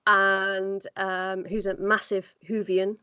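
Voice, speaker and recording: A woman's voice: medium pitch, little pitch movement, takes it slowly, pushed and bright, smooth, dry recording, muffled recording. A woman voice actor chatting casually on a podcast, with many fillers. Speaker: guest voice actor.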